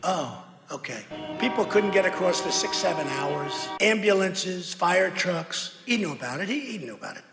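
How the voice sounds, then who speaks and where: A man's voice: high-pitched, expressive, normal speed, creaky, loud music behind the voice. An older man giving a blunt, repetitive rally speech with mocking asides, recorded in a large arena. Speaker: political candidate speaking at rallies. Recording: hall reverb with crowd noise.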